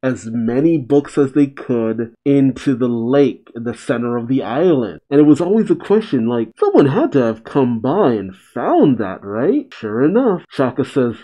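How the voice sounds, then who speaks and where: A man reading a comic chapter aloud and reacting to it, animated and close to tears at times. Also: medium pitch, normal speed, few pauses, rough recording. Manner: excitable, reads aloud then comments, chokes up. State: emotional, tearing up. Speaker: reaction video host.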